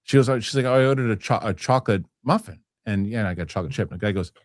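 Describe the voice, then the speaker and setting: A man's voice: fairly low pitch, racing, dry recording, clean studio sound. A man hosting a casual podcast, telling a story with many restarts and some swearing. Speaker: show host.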